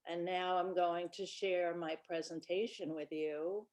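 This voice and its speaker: A woman in her sixties, a children's book author, chatting through stories from her life in a relaxed presentation. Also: on the low side, unhurried. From Brooklyn, New York. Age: 60s. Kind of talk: casual storytelling presentation.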